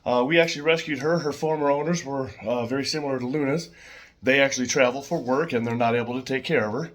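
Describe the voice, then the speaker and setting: A man's voice: mid-range voice, fast. Chatty man rambling about his pet birds. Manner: rambling, chatty, with fillers and soft laughs. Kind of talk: casual home vlog.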